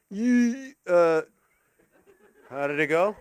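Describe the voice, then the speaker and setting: A middle-aged man performing a rambling stand-up set, excitable and sweary, with sudden yelps. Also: on the high side, moderate pace. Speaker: stand-up comedian.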